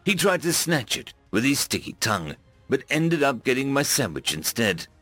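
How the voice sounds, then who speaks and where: A man voicing a shaken human man who sees himself as a coward, telling his story in a rueful, halting way. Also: mid-range voice, fairly bright tone, no room sound, lightly acted.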